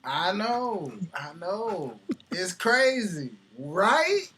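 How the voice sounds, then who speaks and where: A man co-hosting a casual wrestling chat, laughing often and breaking into loud impressions. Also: high voice, big pitch swings, very slow, a crowd in the background. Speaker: podcast co-host.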